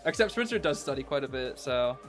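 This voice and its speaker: A young man streaming and co-casting an esports match in excited, casual commentary. He repeats himself, laughs often and keeps saying "bro.". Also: mid-range voice, brisk, soft background music.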